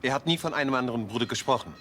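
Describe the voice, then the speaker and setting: A man's voice: medium pitch, rapid-fire, heavy background noise, close to an everyday voice. A man playing a cold, formal SS colonel. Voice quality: stiff and formal.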